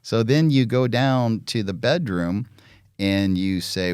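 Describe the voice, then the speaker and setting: A blunt, foul-mouthed middle-aged man in casual podcast chat, with a low voice that rises and falls widely as he tells stories. He slips into little parent and child voices along the way. The sound is dry and close, with no room around it. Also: slow pace, clean tone, no echo. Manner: blunt, profane, animated storytelling.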